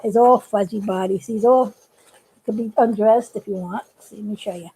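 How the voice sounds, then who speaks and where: A woman's voice: mid-range voice, fairly even intonation, normal speed, dark tone, breathy edge, rough recording. A woman who makes puppets, chatting casually and giggling as she shows how she builds them. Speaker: puppet maker. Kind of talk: casual craft demonstration.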